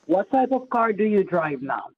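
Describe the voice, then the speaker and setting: A man on a phone call, coaxing and persuasive, pitching a get-rich chance. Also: sing-song, moderate pace, crowd noise. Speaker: phone scammer. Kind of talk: phone conversation. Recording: tinny phone line.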